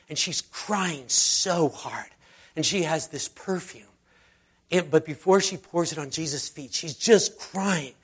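A man's voice: a little high, a bit bright. Chatty man preaching a sermon. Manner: conversational, rambling, with fillers and asides. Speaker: pastor.

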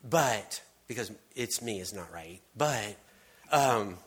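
Guy preaching a laid-back sermon, husky breathy voice, retells stories, trails off quiet for emphasis. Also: lowish voice, lively intonation, takes it slowly. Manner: casual, storytelling delivery with frequent restarts and dropped-to-hushed emphasis. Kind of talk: conversational sermon.

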